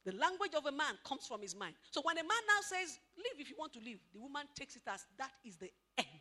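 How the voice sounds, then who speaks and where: A woman giving an animated talk at a couples' marriage seminar, questioning the audience and acting out what spouses say. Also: high voice, fairly quick. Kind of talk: lively motivational talk to an audience.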